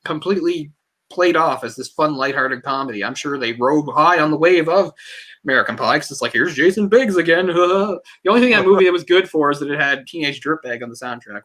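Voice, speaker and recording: A man co-hosting a casual movie discussion podcast, a singer with a tenor voice, talking in a rambling, animated way full of fillers. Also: on the high side. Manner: rambling, animated, heavy use of "like"; tenor speaking voice from a trained singer. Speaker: podcast co-host. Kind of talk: casual film discussion chat.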